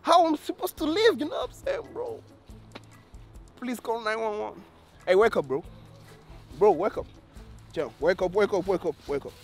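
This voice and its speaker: A man's voice: sits high, lively intonation, moderate pace, pauses often, soft background music. A man filming a joking complaining vlog, whiny and slangy, calling everyone "bro" and mixing in French words.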